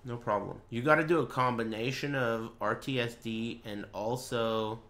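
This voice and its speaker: A young man live-streaming a game, chatting to viewers and swearing as he mock-rants and bursts into yelling at them. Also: medium pitch, steady tone, normal speed, slight background noise. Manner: profane, mock-ranting at chat, erupts into yelling. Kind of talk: live gaming stream commentary.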